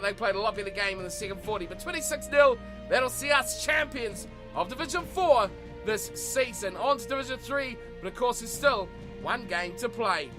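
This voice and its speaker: A man playing a rugby video game and calling the action as mock play-by-play commentary, in a lively, chatty way. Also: high voice. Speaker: video game let's player. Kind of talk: mock sports commentary over gameplay. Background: game music.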